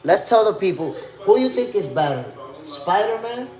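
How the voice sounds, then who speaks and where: A man in his fifties, host of a boxing podcast, speaks on a live stream in a high-pitched, darkish voice with lively intonation and a moderate pace. He talks casually in slang and reminisces while reading the chat aloud.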